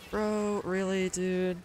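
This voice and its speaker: A young man streaming a video game, chatting casually, cursing often and swinging from loud outbursts to quiet mumbling. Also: high-pitched. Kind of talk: casual gaming livestream chatter.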